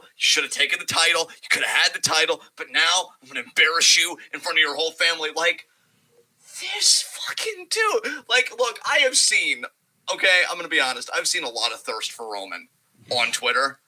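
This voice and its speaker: Podcast co-host, young man, bright and a touch high, excitable and profane, drops into quick impressions. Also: rough recording. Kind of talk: casual wrestling podcast chat.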